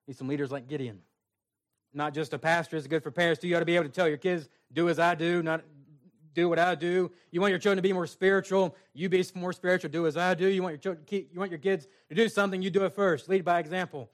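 A male pastor preaching a sermon, reading scripture and adding folksy asides. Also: a little high.

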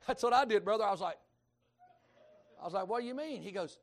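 A middle-aged man with a Kentucky accent delivers a sermon as pastor, with a strikingly high voice. He tells folksy stories in an animated way and rises into shouts. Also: brisk, long pauses. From Kentucky, USA.

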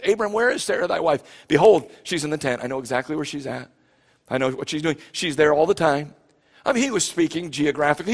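Guy preaching from the pulpit, pretty high voice, lots of hall reverb, keeps repeating his questions and restarting lines. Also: a bit bright. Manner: preaching with rising emphatic questions and frequent restarts. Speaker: pastor. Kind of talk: sermon.

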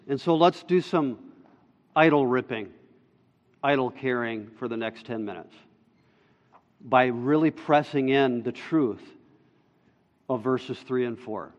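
Emphatic male preacher in a reverberant hall. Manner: emphatic, rising to loud stresses then dropping low and slow. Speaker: pastor. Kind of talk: sermon. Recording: dull sound with long reverb in a hall.

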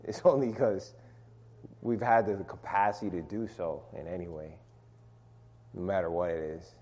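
A man's voice: deep voice, moderate pace, warm tone. A middle-aged man leading an informal sermon and Bible study, calling on listeners to read verses aloud and talking with many restarts.

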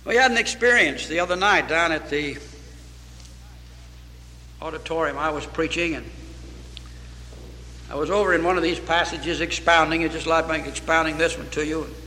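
A man's voice: on the high side, normal speed, long pauses, bright, forceful tone, slight background noise. A man preaching a sermon with fervor, repeating phrases and quoting scripture in old English. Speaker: pastor. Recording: reverberant hall.

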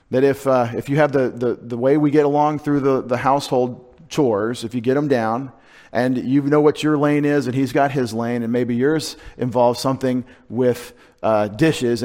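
A man's voice: medium pitch, a little mellow. A male pastor, preaching a conversational sermon with joking asides to his congregation.

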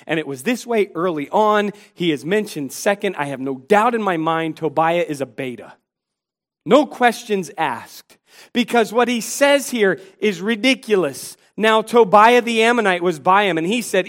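A man's voice: high voice, normal speed. A man preaching a sermon, earnest, acting out the taunts of mockers and the words of biblical figures.

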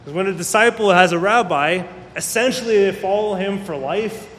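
A man's voice: moderate pace, fairly bright tone. A man preaching a sermon as a pastor, talking casually and acting out the people he quotes. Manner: conversational, acts out quoted voices. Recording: echoey hall with faint rumble.

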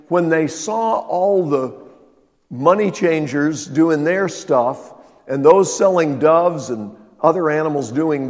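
A man preaching a sermon as pastor, emphatic and swinging between loud stresses and quiet asides. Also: a little high. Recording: long reverb of a large hall.

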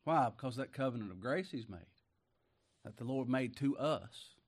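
A man preaching a folksy sermon, reading scripture slowly, chuckling and asking his congregation questions. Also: animated, husky. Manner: bursts into high exclaims; slow scripture reading in King James wording.

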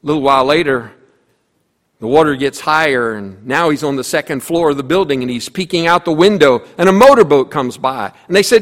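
Male pastor, sermon, slightly high voice, animated storytelling, long church-hall reverb. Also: brisk. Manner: storytelling with voiced characters, emphatic repetition. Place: church sanctuary.

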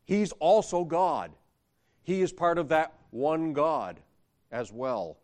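Animated man preaching. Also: a little high, slow. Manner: animated preaching with rising emphasis, reading scripture aloud. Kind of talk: sermon.

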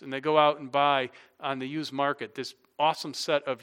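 Bright-voiced male pastor preaching. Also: mid-range voice, little pitch movement, a little fast, few pauses, clear, resonant tone. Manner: illustrative storytelling and emphatic repetition, closing in prayer. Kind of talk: sermon.

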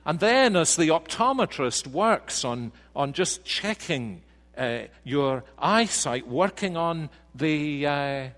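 A man preaching a sermon to a congregation, slow and emphatic, dropping quiet then rising with force. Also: a little high, lively intonation. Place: church sanctuary. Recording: reverberant church hall.

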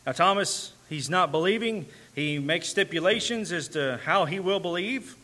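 Male preacher, earnest sermon delivery, bright, slightly high voice. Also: animated, normal speed. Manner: earnest, rising to emphatic and tender passages.

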